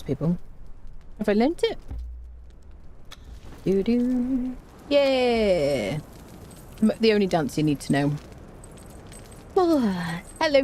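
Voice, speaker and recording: A woman from Britain streaming a game, chatting casually and reading chat aloud, ranting with energy. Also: mid-range voice. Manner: chatty, reads chat aloud, animated rants. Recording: faint background noise.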